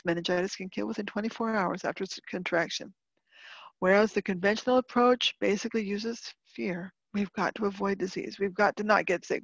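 A woman's voice: mid-range voice, gravelly, no echo. Earnest woman lecturing over dull webinar audio. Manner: earnest and emphatic, repeating key points. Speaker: homeopathy lecturer. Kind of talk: webinar presentation. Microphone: video call microphone.

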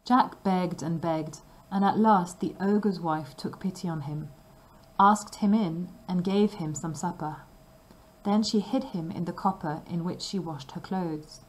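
A woman narrating a fairy tale for language learners with clear, measured reading. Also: lowish voice, poor audio. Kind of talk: scripted storybook narration.

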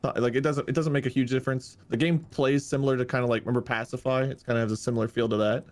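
A man co-hosting a casual gaming podcast, explaining things quickly to the others. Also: mid-range voice, fairly even intonation, darkish tone. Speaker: podcast co-host. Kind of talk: casual chat while gaming.

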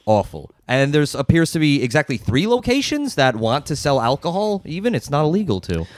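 A man co-hosting a podcast, complaining in a halting, profane, drawn-out way. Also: a little high, very animated, no echo. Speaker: podcast co-host. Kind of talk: casual podcast chat.

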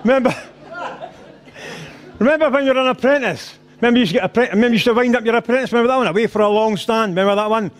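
A man's voice: extremely high pitch, rapid-fire, a faint crowd. A middle-aged Scottish man doing stand-up, telling rowdy sweary stories and slipping into voices. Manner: boisterous storytelling, swearing, slipping into character voices. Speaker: stand-up comedian. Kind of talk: live stand-up set. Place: rugby club function room.

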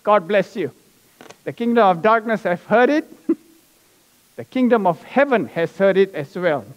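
High-voiced man preaching a sermon. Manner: preaching with asides and soft laughs. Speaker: pastor. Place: church sanctuary.

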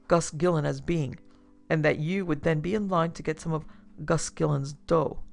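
A woman voicing a calm shrewd detective. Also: sits low, gravelly. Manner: casual, even tone while accusing.

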